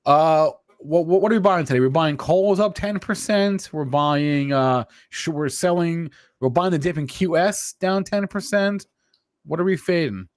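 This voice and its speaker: Laid-back, halting male co-host. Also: fairly high pitch, dry recording, studio quality. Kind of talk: casual market chat.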